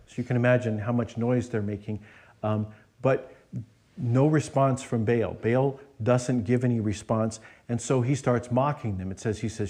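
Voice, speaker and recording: A man's voice: medium pitch, fairly even intonation, unhurried, mellow. A man preaching a sermon as pastor, in a conversational way with frequent restarts and fillers. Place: church.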